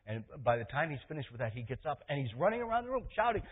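A male pastor preaching a sermon, telling a story and swinging from hushed tones to loud, excited peaks. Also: a little high, very fast, hardly any pauses, breathy edge, narrow, tinny audio.

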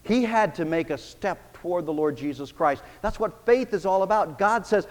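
A male pastor preaching in a fairly high voice. He drives his points home emphatically, rising to loud declarations and then dropping to near hushed tones. The long reverb of a church hall trails after each phrase. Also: expressive, normal speed, few pauses. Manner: emphatic preaching with wide swings in loudness. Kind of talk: sermon.

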